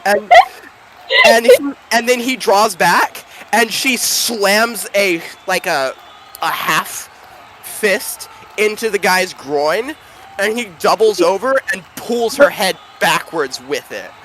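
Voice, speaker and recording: Animated man running a tabletop game. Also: high-pitched, slow, slight background noise, low-quality recording. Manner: animated, rambling, many fillers. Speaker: game master.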